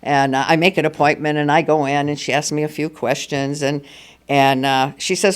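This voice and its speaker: A woman's voice: low-pitched, moderate pace. A woman in her seventies sharing her personal recovery story at a meeting, candid and wry, acting out the dialogue as she goes. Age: 70s. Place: meeting hall before a live audience.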